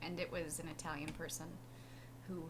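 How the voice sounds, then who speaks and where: A woman co-hosting a livestream, telling stories in a giggly, animated way. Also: sits low, normal speed, background noise. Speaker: livestream co-host. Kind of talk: casual chat.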